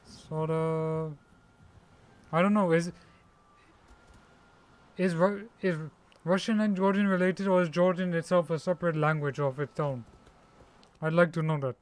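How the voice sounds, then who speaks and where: A man chatting casually on a live stream, haltingly sounding out foreign names and laughing at his own mistakes. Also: on the high side, steady tone, clean tone. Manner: halting, tries out names slowly, laughs at himself.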